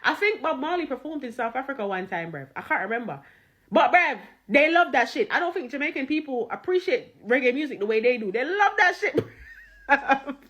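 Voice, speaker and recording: A woman tells a story in an animated, slangy way, laughing and swearing freely. Her voice sits high. She talks like she is chatting with friends. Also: fairly quick. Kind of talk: casual storytelling reaction.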